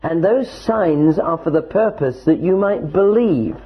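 A man teaching a Bible passage as a lecture, reading verses slowly and explaining them with asides. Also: fairly high pitch, expressive, husky. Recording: dull lo-fi recording.

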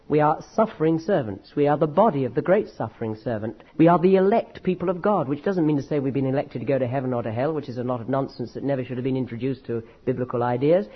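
Husky male preacher, emphatic sermon. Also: a little high. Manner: emphatic, dramatic delivery, slows down to stress key words. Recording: dull lo-fi recording.

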